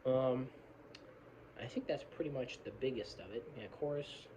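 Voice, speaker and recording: Casual male fan recording on his phone: rambling, self-apologetic, swears, middle-pitched, faint hiss behind. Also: normal speed, warm tone, rough recording. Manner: rambling, apologetic, swears casually, hums riffs and sings snatches of lyrics. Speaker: metal fan analysing song lyrics. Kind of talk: casual rambling video commentary. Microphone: phone camera.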